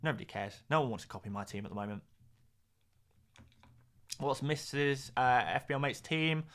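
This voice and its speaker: A man's voice: mid-range voice, normal speed, a bit bright. A young man hosting a live fantasy football stream, talking casually in a rambling, sarcastic way.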